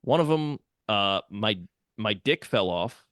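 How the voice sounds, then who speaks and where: A man's voice: on the low side, lively intonation, takes it slowly, fairly bright tone, no echo. Dry-voiced man telling stories. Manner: storytelling, swearing, laughing often. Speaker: podcast co-host. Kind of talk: casual chat.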